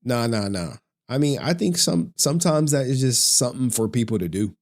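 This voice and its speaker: A man's voice: medium pitch, lively intonation, a little fast. A man hosting a casual stream, slangy and emphatic, talking straight to viewers. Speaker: stream host.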